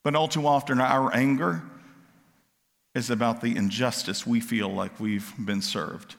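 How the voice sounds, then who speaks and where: A man preaching a sermon, dropping to quiet asides and rising to loud, impassioned questions. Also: mid-range voice, fairly even intonation, a little slow, gravelly, long reverb tail. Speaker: pastor.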